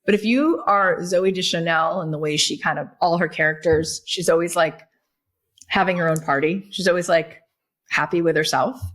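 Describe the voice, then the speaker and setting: A woman guest on a podcast, telling stories in a lively, chatty way, full of "like" and "right?". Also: fairly low pitch, moderate pace. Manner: animated storyteller, many fillers like "like" and "right?". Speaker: guest, author and podcast host. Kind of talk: casual podcast conversation.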